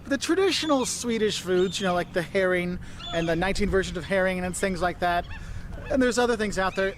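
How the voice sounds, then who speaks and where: A man with a notably high voice gives travel advice straight to the camera, chatty and direct, laughing through his asides. He is outdoors in a city, with faint traffic noise behind him. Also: animated, a little fast. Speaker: travel vlogger.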